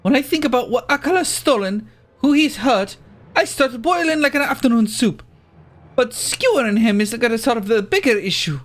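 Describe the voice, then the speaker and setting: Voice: mid-range voice, animated, moderate pace, voice pushed up, natural voice. A video game player voicing a tough, straight-talking woman clan leader with a drawling folksy accent that wanders as the lines go on. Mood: angry. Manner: drawling, uses "ain't". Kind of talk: reading game dialogue aloud in character.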